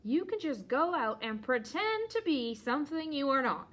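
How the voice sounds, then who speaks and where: A woman's voice: high-pitched, big pitch swings, normal speed. A woman voicing an anxious, cautious male elephant in a children's storybook read-aloud. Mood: puzzled. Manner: worried, fretful, rises to loud alarm.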